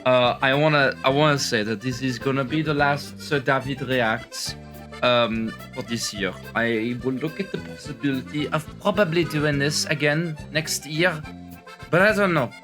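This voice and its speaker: Over music, a medium-pitched young man gives comedic reaction commentary as a streamer at a normal pace. His fake French accent slides toward American, and he sounds weary and over the top, stammering, restarting, and tossing in crude asides.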